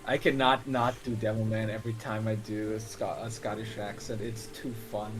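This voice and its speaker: A man's voice: lowish voice, flat delivery, moderate pace, soft background music. A man playing a tabletop game, chatting casually in a rambling way with restarts and frequent laughs. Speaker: player.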